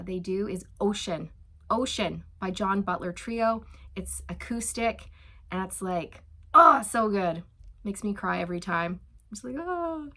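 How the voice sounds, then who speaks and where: A woman tarot reader chatting straight to her viewers in a loose, gushing way. Her delivery is heartfelt and emotional, full of "okay?" and "you guys," with a voice of ordinary middle pitch. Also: fairly bright tone. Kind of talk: casual spiritual talk to camera.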